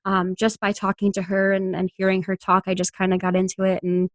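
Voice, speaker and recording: A woman's voice: medium pitch, monotone, fairly quick, dry recording. A young woman from Long Island talks in a loose, chatty way and laughs easily between thoughts. She drops into playful put-on voices now and then. Her voice sits mid-range and sounds close and dry. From Long Island, New York. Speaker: voice-over actress guest. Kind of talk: casual interview chat.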